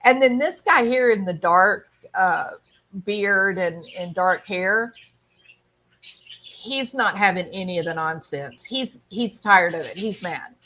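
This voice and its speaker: A woman's voice: mid-range voice, animated, takes it slowly, pushed and bright. A woman hosting a casual video commentary, chatty and amused as she explains a clip. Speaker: commentary show host.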